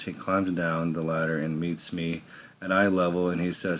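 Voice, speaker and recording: A man's voice: deep voice, fairly even intonation, moderate pace. A man telling an improvised first-person story in a rambling way, with slips and restarts.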